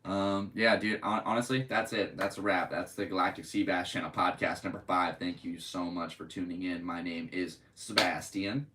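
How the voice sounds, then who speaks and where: A man's voice: sits low, fairly even intonation, moderate pace, few pauses, bright, forceful tone, distant mic. A man from Connecticut hosting a solo podcast in his room, rambling jokily and goofily. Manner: jokey, rambling, goofy. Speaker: podcast host. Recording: echoey room, off-mic, faint hiss.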